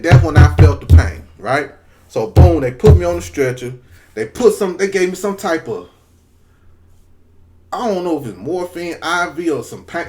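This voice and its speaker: Male vlogger, 40s, animated storyteller, profane, slightly high pitch. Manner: animated, profane, acts out quoted voices. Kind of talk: casual storytelling to camera.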